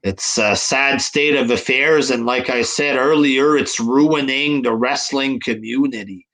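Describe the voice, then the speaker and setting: A man's voice: medium pitch, unhurried, fairly bright tone. A man hosting a podcast, grumbling in a profane, dismissive way. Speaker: podcast host. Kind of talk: casual podcast rant.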